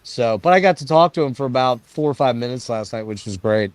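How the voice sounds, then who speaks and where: A man hosting a casual stream, telling stories to his friends in an excited, profane way. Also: medium pitch, fairly quick, clear, resonant tone, no room sound. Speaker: stream host. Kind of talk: casual chat storytelling.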